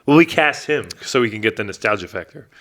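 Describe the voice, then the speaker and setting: A man's voice: on the low side, lively intonation, quick pace, a bit bright. A man co-hosting a casual podcast chat, easygoing and agreeable, often trailing off and restarting his thoughts. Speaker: podcast co-host.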